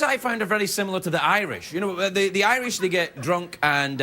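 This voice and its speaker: A man's voice: high-pitched, expressive, fairly quick, few pauses, very noisy. A man hosting a late-night talk show, delivering a joking comedy monologue with self-mocking asides in a TV studio. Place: TV studio with a live audience. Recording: loud studio audience laughter.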